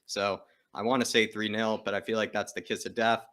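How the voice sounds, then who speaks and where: A man's voice: on the low side, flat delivery, fairly quick, fairly bright tone. A man calling in as a guest on a fan show, talking in an emphatic, passionate way. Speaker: guest caller. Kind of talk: casual chat.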